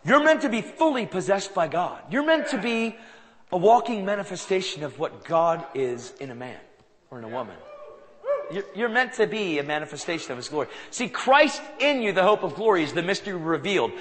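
A man preaching a sermon to a live audience. He tells anecdotes in an animated way and acts out the dialogue. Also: high-pitched, a little fast. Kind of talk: sermon storytelling. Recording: long reverb of a large hall.

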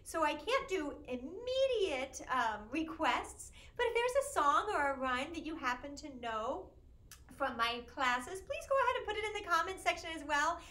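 A woman's voice: high voice, pushed and bright. A woman from Georgia, a children's music teacher leading a live-streamed class in a sing-song, encouraging way.

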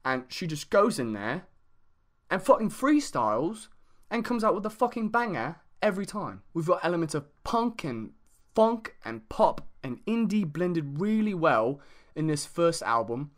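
A man hosting a casual music review, talking in a put-on English accent, excitable and full of swearing. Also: fairly high pitch, a little slow. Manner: excitable and sweary, lots of fillers.

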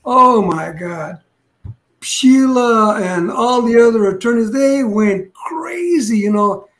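High-voiced older man telling a story. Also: animated, slow pace, fairly bright tone. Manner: rambling, restarts, acts out quotes. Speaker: retired police detective. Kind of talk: casual storytelling interview.

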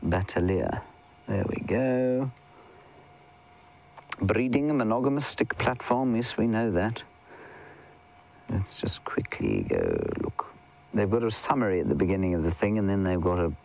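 Gravelly low-voiced safari guide, man. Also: a little mellow, poor audio. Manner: chatty, enthusiastic, drops to a whisper at times. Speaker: safari guide answering viewer questions. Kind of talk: live wildlife commentary. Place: outdoors in the bush.

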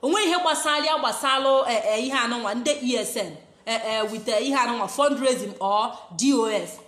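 Nigerian woman host, high bright voice, outspoken, switching languages, echoey room. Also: fairly quick. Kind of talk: live-stream talk show.

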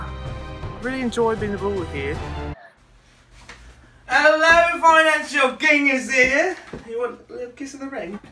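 A man's voice: sits high, pushed and bright, heavily acted. A man voicing a pompous, boastful male elk king who rambles and bosses his staff around in a comic monologue. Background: faint background music.

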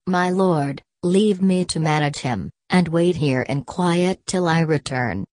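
A woman voicing a bold, clever young male hero in a storybook, read slowly and calmly. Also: sits low, no echo, clean studio sound.

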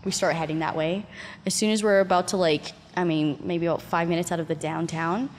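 A woman from Canada in her thirties, swearing freely, recounts her past in loose, casual talk and keeps slipping into the voices of people from the story. Her voice sits fairly low, and it rings in a room with a long echo and a faint hiss behind it. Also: fairly even intonation, fairly quick. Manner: swears a lot, laughs often, acts out voices in her story. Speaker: guest. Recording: echoey room with long reverb and faint noise.

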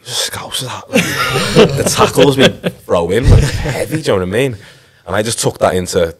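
With a crowd audible behind him, a man in his thirties from Liverpool speaks at medium pitch and normal speed. The former footballer tells stories casually for a podcast, often saying "like" and "you know."

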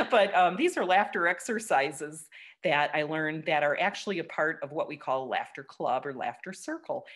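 A woman with a low voice leads a laughter workshop over a video call. She is encouraging and laughs often, and she breaks into loud chants. The call audio is noisy. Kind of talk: online workshop talk.

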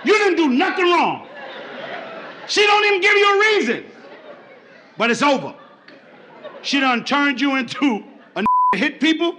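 A male stand-up comedian on a club stage, loud and swearing, acting out both sides of arguments. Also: extremely high pitch, sing-song, measured pace, pauses often. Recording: live club recording with crowd noise.

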